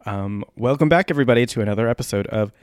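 A man's voice: mid-range voice, rapid-fire, a little mellow, clear, resonant tone, dry recording, clean studio sound. A young man co-hosting a podcast, teasing his friend and laughing often. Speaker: podcast co-host. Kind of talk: casual chat.

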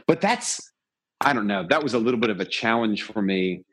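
A man's voice: on the low side, animated, a little fast, fairly bright tone, husky. A man in casual discussion, talking with animation and acting out lines with emphasis.

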